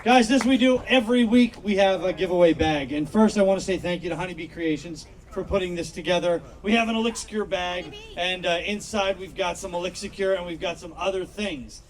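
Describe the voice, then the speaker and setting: Host, man, high voice, loose crowd banter at a patio comedy night. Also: steady tone, a little fast, few pauses. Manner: casual, rambling crowd banter with fillers. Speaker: show host. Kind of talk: hosting a live comedy show. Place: outdoor patio comedy show.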